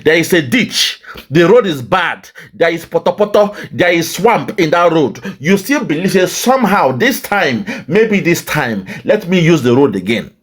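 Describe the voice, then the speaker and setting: A Nigerian man in impassioned political commentary, his voice sitting a little high and swinging widely in pitch. He sighs often and repeats his phrases for emphasis. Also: sing-song, unhurried, hardly any pauses, husky. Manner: emotional, sighing, repeating phrases.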